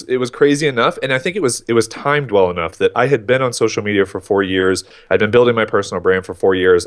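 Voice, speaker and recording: A man in his thirties, a guest on a podcast, telling his story in casual talk and acting out his own thoughts. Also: on the low side. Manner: animated storyteller, acts out his own inner voice.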